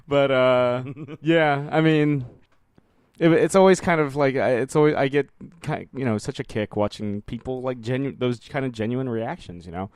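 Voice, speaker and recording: A man's voice: mid-range voice, unhurried, clean tone, no room sound, clean studio sound. A man co-hosting a podcast, rambling loosely through casual chat, laughing often and swearing now and then. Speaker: podcast co-host.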